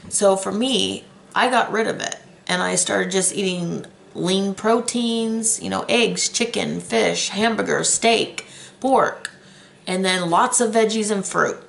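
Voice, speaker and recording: A woman's voice: on the low side, gravelly, slight background noise. A middle-aged woman telling her own story in a chatty vlog, candid and emotional. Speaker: weight loss vlogger.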